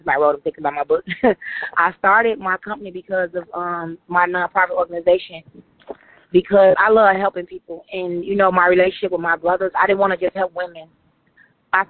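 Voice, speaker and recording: A woman's voice: on the low side, dry recording. A woman, telling her life story as an interview guest, emotional and full of "like"s. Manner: emotional, run-on storytelling with many "like"s. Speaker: author and guest. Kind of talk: personal testimony in an interview. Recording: tinny phone-like line.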